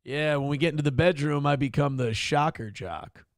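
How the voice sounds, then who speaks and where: A man with a fairly high, gravelly voice hosts a casual morning talk show. He reads out viewer comments in a crude, joking, mock-announcer manner. The sound is dry and close. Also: normal speed, no room sound. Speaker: host of a live internet morning show. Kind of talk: casual comedic chat, reading viewer comments aloud.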